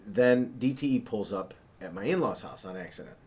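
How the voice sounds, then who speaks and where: A man giving a rambling, fast account to police as a witness, restarting sentences and sketching a map while he talks. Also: lowish voice, expressive, darkish tone, highs cut off. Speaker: witness being interviewed by police. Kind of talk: police interview statement.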